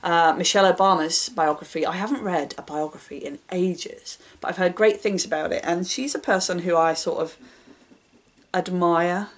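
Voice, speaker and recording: A woman book vlogger in casual chat, reading each question out brightly and answering in an offhand, self-deprecating way. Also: fairly low pitch, moderate pace.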